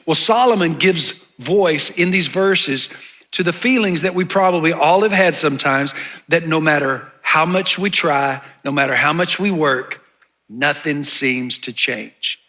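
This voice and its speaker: A man's voice: a little high, bright, forceful tone. A man preaching a sermon as pastor, pushing his voice up on key words and dropping into casual asides.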